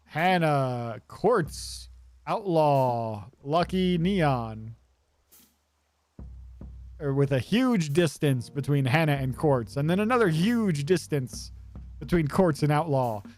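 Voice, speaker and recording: A man's voice: on the high side, expressive, slow pace, a little mellow. A man streaming a game, making wry offhand asides in casual commentary. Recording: faint music behind.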